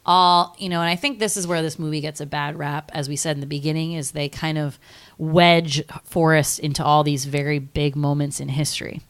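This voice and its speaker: A woman's voice: low-pitched, fairly even intonation, fairly quick, clear, resonant tone. A young woman co-hosting a podcast, rambling through a film discussion with lots of "like" and casual swearing. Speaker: podcast co-host.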